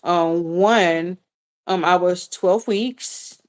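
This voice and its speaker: A woman's voice: on the low side, fairly even intonation, a little slow. A woman in her thirties, a vlogger answering viewer questions in a casual live chat, talking candidly with lots of fillers and repeats. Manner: candid and chatty, with frequent fillers and swearing; rambling, repeats herself.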